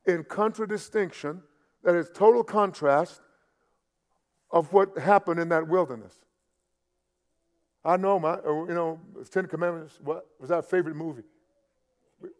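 High, gravelly-voiced man preaching. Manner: repeats and restarts words, rises to loud emphatic peaks. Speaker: pastor. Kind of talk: sermon.

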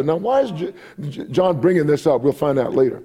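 A man's voice: on the high side, expressive, brisk, few pauses, warm tone, slightly rough. A man in his forties preaching a sermon while he has a cold, reading scripture aloud and repeating phrases for emphasis. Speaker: pastor.

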